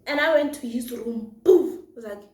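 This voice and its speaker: A young woman telling a personal story in a casual storytime vlog, chatty and animated, mixing in Setswana phrases. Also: fairly high pitch, moderate pace. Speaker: vlogger. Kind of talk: storytime vlog while eating. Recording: echoey room.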